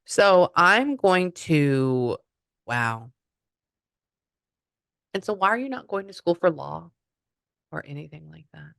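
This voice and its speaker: Low-voiced chatty woman medium. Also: slow, vocal fry, long pauses, no echo. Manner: swings from excited exclamations to hushed murmurs; chatty, relays messages in quoted asides. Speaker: spiritual medium. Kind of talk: mediumship reading with a client.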